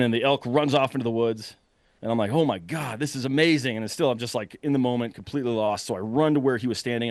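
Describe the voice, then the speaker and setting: A young man casually telling a long story, animated and breathless, full of fillers and quick laughs. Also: medium pitch, dry recording. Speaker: podcast guest telling a hunting story.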